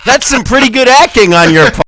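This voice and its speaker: A man's voice: very high voice, lively intonation, brisk, a bit bright, no echo, low-quality recording. A man co-hosting a talk show, sarcastic and teasing in his banter. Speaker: co-host.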